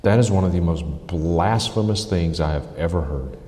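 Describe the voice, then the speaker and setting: A man's voice: sits low, normal speed, warm tone. A man preaching a critical sermon, emphatic and repeating phrases for stress. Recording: echoey hall reverb.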